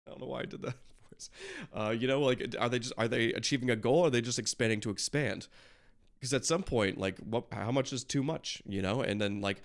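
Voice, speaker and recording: A man's voice: medium pitch, brisk. A man reacting to a video, chatting casually with lots of fillers, swearing and restarts. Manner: rambling, swears often, frequent fillers.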